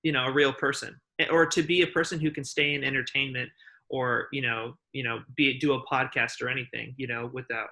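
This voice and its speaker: Male guest, very bright tone, hesitant, restarts often. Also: medium pitch, fairly even intonation, a little fast. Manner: hesitant, searching for words, many restarts. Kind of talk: casual conversation.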